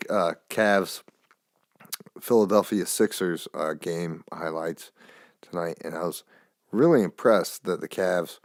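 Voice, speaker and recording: A man with a very low, gravelly voice rambles through a casual podcast monologue, swearing offhandedly. The sound is dry and close, recorded on a phone. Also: no echo. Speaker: podcast host. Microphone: phone camera.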